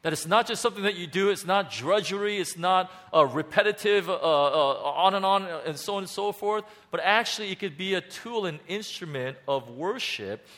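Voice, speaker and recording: A man preaching to his congregation, pitched a little high for a man. He speaks in an animated, halting way, stumbling over restarts and fillers as he builds his points. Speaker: pastor. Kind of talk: sermon.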